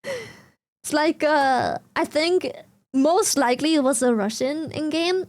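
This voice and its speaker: A woman's voice: sits high, animated, takes it slowly, a little mellow. A young woman streamer from Germany or the Netherlands, chatting casually with viewers, giggling often and swearing freely. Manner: giggly, swears freely, reads chat aloud.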